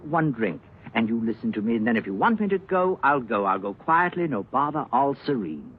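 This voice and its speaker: A man's voice: medium pitch, very animated, brisk, husky. An actor playing an older man, a jilted suitor who pleads and then turns coldly cruel in an old radio drama. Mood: pleading. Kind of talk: 1940s radio acting. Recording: dull old radio recording.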